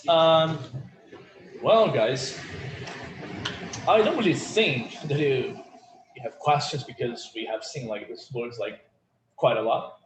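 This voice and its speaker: A man teaching an online English lesson, chatty and full of fillers, leading the class through phrases to repeat. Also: mid-range voice. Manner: chatty, many fillers, drills phrases for repetition. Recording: roomy echo with faint room noise.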